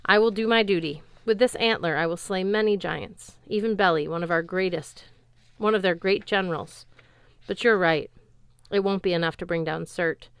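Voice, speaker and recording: A woman voicing a calm, gentle male god speaking formally to his son. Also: lowish voice, clean tone, no room sound, close to an everyday voice. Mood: solemn. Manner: solemn, measured, formal.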